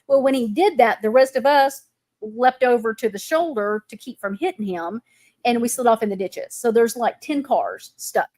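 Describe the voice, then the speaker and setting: A woman's voice: on the high side, moderate pace. A woman host, telling stories in a casual chat. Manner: animated storytelling.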